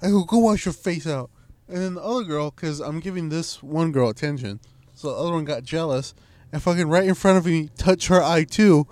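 Animated storytelling young man. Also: on the high side, fairly quick, dry recording. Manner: animated storyteller, swears, acts out quotes loudly. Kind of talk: casual chat.

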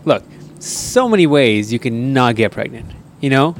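A man's voice: mid-range voice, sing-song, a little slow, a little hiss or hum. A man co-hosting a casual podcast, riffing crudely and jokingly with his friend. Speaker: podcast co-host.

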